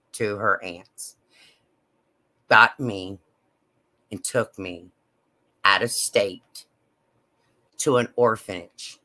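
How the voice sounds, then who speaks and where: Woman, low voice, bright tone, slow, halting, emotional personal storytelling. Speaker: vlogger.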